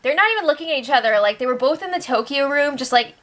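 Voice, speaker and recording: A woman's voice: high voice, lively intonation, quick pace, noisy background. A woman hosting a casual spoilers recap to camera, chatty and giggly as she acts out what others said. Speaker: host of a reality show recap channel.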